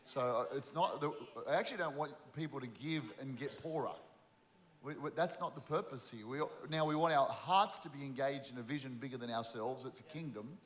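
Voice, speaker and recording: Earnest Australian pastor in reverberant hall. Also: male voice, medium pitch, fairly bright tone. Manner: earnest, conversational, halting restarts. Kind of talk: interview about giving. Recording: long reverb of a large hall.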